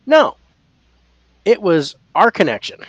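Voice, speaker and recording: A man co-hosting a casual paranormal podcast, telling a story with lively acted-out reactions. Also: high-pitched, slow, slightly rough, dull audio. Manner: animated storyteller, acts out his own reactions loudly. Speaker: podcast co-host.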